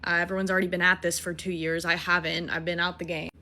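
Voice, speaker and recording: Young woman, bright forceful voice, casual storytime, animated and profane. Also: on the low side, fast talker. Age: 20s. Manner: animated, swearing, self-mocking.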